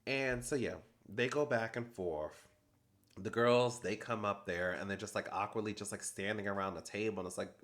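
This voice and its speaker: Guy with a lowish voice doing a chatty tv recap, gossipy, does little voices for the quotes. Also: moderate pace. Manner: animated, acts out quoted lines in mock voices; chatty and gossipy, laughs at his own jokes. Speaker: reality TV recap host. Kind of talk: casual recap commentary.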